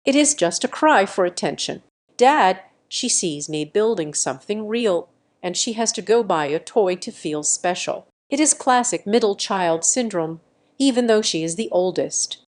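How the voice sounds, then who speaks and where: A woman's voice: mid-range voice, expressive, normal speed, natural voice. A woman voicing a whiny, petulant son in his twenties in a storybook narration.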